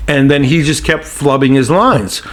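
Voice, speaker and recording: A man with a somewhat high-pitched voice tells stories as a podcast guest. His delivery is animated and casual. He peppers his sentences with "you know" as he builds each anecdote. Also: slow. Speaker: guest actor.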